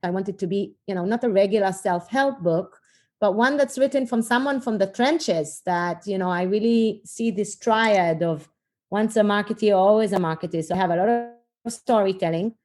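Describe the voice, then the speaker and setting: A woman's voice: medium pitch, moderate pace, a little mellow, soft background music. A middle-aged woman, a leadership coach, telling her career story as a podcast guest in an earnest, reflective way with frequent fillers. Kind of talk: conversational interview storytelling.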